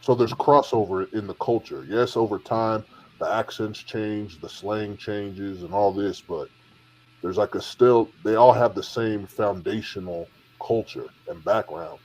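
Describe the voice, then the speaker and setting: A man's voice: fairly low pitch, a little slow, a little mellow. A man co-hosting a podcast, making his points emphatically in a casual discussion. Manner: argumentative, emphatic. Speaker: podcast co-host. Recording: lo-fi dull sound.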